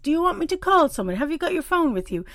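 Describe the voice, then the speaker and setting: A woman voicing a kind female airport security guard who soothes and fusses over someone, speaking in a raised, higher voice. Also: big pitch swings, fast talker, fairly bright tone, dry recording, studio quality. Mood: fussing kindly. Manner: soothing, anxious fuss.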